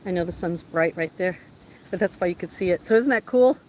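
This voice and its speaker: Chatting to viewers and to herself as she cooks, a woman vlogs casually around her home kitchen and yard. She speaks briskly in a low-ish, slightly mellow voice, with slight background noise.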